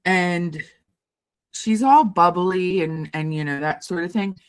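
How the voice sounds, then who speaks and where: A woman with a somewhat low voice telling a workplace story on a casual livestream. She talks in a chatty, rambling way, full of fillers and restarts. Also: takes it slowly, clear, resonant tone. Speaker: dental office manager, streamer.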